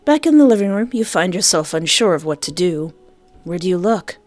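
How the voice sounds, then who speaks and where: A woman reading a visual novel aloud as a let's play, animated and joking, talking back to the game. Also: lowish voice, brisk, soft background music.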